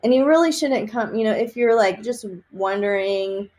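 A woman from Texas, a psychic medium, chatting in an interview and telling lively stories with many fillers and laughs. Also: on the high side, moderate pace. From Austin, Texas. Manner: animated storyteller, laughs often, many fillers. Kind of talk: casual interview chat.

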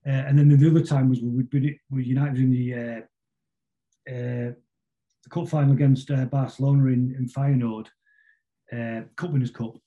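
A man's voice: medium pitch, flat delivery, normal speed, warm tone, highs cut off. A middle-aged man, a podcast guest telling long stories that ramble along with frequent restarts and repeated words. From Salford, England. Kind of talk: casual storytelling interview.

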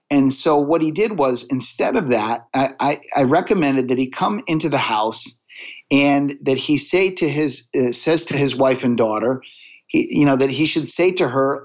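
An earnest man speaks as a podcast guest, working through anecdotes in a conversational style and often circling back to restart his phrases. His voice sits at a middling pitch. The audio is dull and slightly lo-fi. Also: animated, normal speed. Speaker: podcast guest, sales coach. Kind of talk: conversational interview storytelling.

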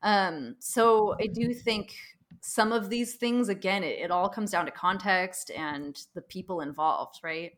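A woman co-hosting a podcast in casual conversation, her voice sitting at an ordinary middle pitch. She lays out her points in an explanatory way and often checks in with her listener. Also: a little slow. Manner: explanatory, ends points with "right?". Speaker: podcast co-host. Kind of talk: casual chat.

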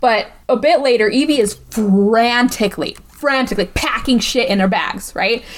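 Woman, podcast co-host, casual recap, chatty, sarcastic, slightly high pitch. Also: normal speed. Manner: chatty, peppered with "like" and "right?"; sarcastic about the film. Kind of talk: casual movie recap chat.

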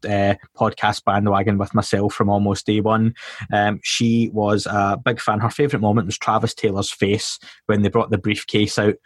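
Scottish man, podcast host, slightly low voice, husky, dry close mic, casual chatty delivery. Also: little pitch movement, moderate pace, no echo. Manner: chatty, reads out listener comments with jokes.

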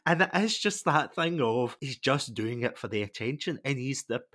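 A man's voice: mid-range voice, animated, moderate pace, fairly bright tone. A man, talking about a film in a casual podcast chat, laughing often and acting out lines he quotes. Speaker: podcast co-host.

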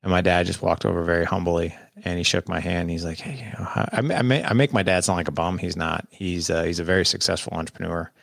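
A deep-voiced man tells a personal story in a candid, conversational way. His voice has a gravelly, fry-heavy texture, and the sound is dry and close. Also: steady tone, fast, hardly any pauses, fairly bright tone, no room sound. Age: 40s. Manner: candid, conversational, quotes people in dialogue. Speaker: guest. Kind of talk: personal storytelling in a podcast interview.

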